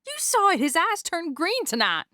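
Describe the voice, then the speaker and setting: Brief: actress as haughty starlet, high and expressive, dry close mic. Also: female voice, normal speed, no echo, exaggerated voice. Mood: indignant. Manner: indignant, theatrical, swings up and down. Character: proud singing starlet, prima donna, easily offended. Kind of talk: audio drama.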